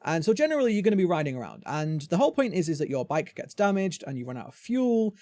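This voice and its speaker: A man's voice: fairly high pitch, very animated, quick pace, a little mellow, dry recording. Chatty British man hosting a podcast. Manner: chatty, rambling, self-interrupting. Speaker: podcast host. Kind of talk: casual chat.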